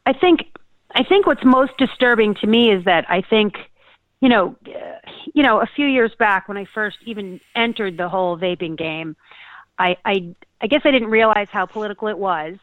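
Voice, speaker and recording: A woman from Connecticut co-hosting a talk show, speaking earnestly and haltingly with many restarts. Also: mid-range voice, no room sound. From Connecticut, USA. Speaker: podcast co-host. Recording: tinny phone-like dry sound.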